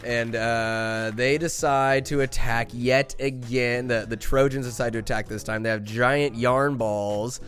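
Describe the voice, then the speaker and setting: A man's voice: medium pitch, fairly even intonation, measured pace, few pauses, fairly bright tone, soft background music. A man hosting a podcast, animatedly retelling a movie plot in a rambling way full of fillers and asides. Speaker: podcast host. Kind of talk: comedic movie recap.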